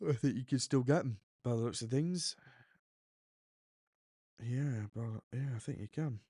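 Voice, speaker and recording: A man's voice: medium pitch, unhurried, dark tone, no room sound, studio quality. A young man hosting a podcast, rambling chattily and correcting himself as he goes. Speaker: podcast host. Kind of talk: casual solo podcast monologue.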